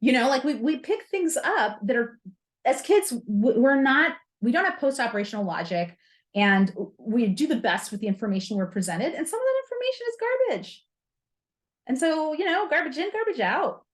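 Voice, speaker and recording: A woman hosts a podcast in a candid, humorous self-help chat, with playful slang. Her voice sits a little high and swoops up and down with lively energy. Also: normal speed. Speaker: podcast host.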